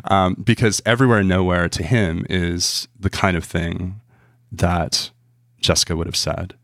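A male journalist talks through an interview in a very deep voice. He thinks aloud and restarts phrases as he searches for words. The sound is dry and close. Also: steady tone, measured pace, a bit bright, no room sound. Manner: thoughtful, repeats words while searching for them. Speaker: journalist guest. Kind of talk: interview conversation.

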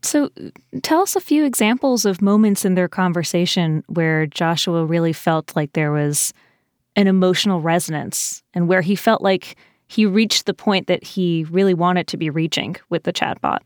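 A woman hosting an interview podcast, asking measured questions. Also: fairly low pitch, no room sound, studio quality. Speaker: podcast host.

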